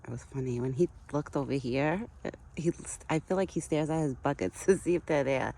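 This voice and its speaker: A woman's voice: low voice, fairly quick, warm tone. A woman vlogging outdoors while feeding her pet deer, chatty, cooing to it in baby talk now and then. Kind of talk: casual outdoor vlog. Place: outdoors in a wooded yard.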